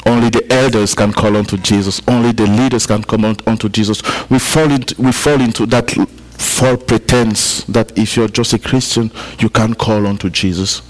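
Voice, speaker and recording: A man's voice: lowish voice, fairly even intonation, normal speed, poor audio. A man from Africa preaching a sermon to a congregation, repeating key points for emphasis and chatting with the listeners. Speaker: pastor. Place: church service.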